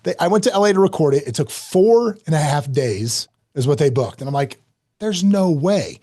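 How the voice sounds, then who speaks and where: A middle-aged man telling a story as a podcast guest, lively and self-mocking, acting out quoted lines. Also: a little high, fairly quick. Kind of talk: animated storytelling in an interview.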